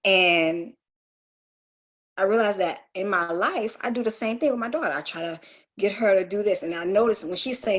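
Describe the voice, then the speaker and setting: A woman sharing a heartfelt personal testimony in a group call, earnest and quick to laugh, often restarting her sentences. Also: mid-range voice.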